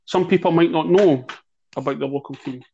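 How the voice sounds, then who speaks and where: A man co-hosting a football chat show, speaking in a measured way and thinking aloud with fillers. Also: on the high side, darkish tone, dull audio, slight background noise. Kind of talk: casual podcast chat.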